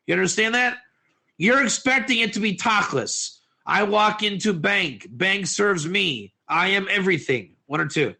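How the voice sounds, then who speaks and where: Animated man with a gravelly, bright voice. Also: high voice. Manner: animated, quizzes listeners, asks for answers; sprinkles in Hebrew terms. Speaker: Torah teacher. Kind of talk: lively classroom lecture.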